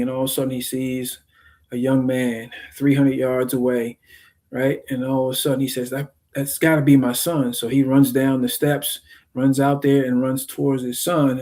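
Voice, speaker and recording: A man's voice: mid-range voice, dark tone. A man hosting his channel, retelling a story sermon-style in a conversational way and often checking in with listeners. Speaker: teacher and channel host.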